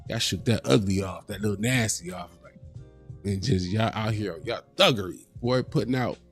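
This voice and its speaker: A man's voice: lowish voice, normal speed, soft background music. Loose, profane male stream host. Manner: animated, profane, talks straight to chat. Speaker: livestream host. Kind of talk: casual reaction livestream.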